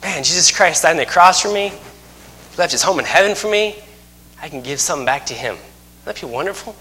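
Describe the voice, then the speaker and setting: A man's voice: a little high, brisk, long reverb tail. A man in his thirties preaching a sermon, telling stories and acting out scenes with humor. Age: 30s. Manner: lively storytelling, acts out scenes with humor.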